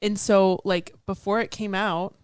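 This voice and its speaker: A woman's voice: mid-range voice, level tone, a little slow, smooth, dry recording, clean studio sound. A woman co-hosting a casual podcast, blunt and opinionated, swearing offhandedly. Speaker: podcast co-host. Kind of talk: casual chat.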